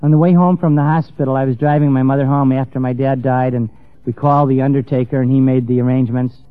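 A man telling a personal story to an audience with passion, stammering at times and swinging from hushed to raised. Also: mid-range voice, steady tone, quick pace, smooth, no echo. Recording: tinny lo-fi dry recording with faint music.

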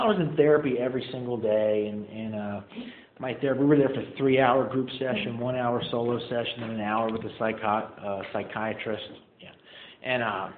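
Young dude telling his story, rambly and self-mocking, roomy tinny audio. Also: mid-range voice. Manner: candid, rambling, laughs at himself. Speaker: storyteller recounting addiction. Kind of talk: casual personal storytelling. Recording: echoey, phone-like, faint noise.

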